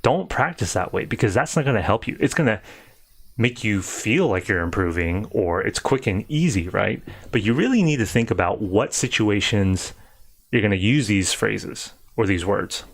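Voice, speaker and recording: A man teaching English pronunciation on a livestream, patiently explaining and repeating example words slowly. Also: on the low side, animated, creaky, husky.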